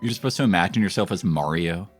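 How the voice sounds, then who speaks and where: A man's voice: low-pitched, expressive, fast talker, soft background music. A man streaming a cooking game, chatting casually and making crude, rambling jokes with lots of fillers. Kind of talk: casual gameplay commentary.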